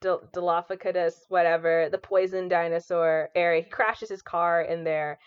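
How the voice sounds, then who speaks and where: A woman's voice: lowish voice, fairly even intonation, normal speed, clean tone, no room sound, lo-fi sound. A woman co-hosting a podcast, casually retelling a movie with lots of fillers and acted-out quotes. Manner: chatty, many fillers, acts out quoted lines. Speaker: podcast co-host. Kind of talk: casual chat, recapping a movie.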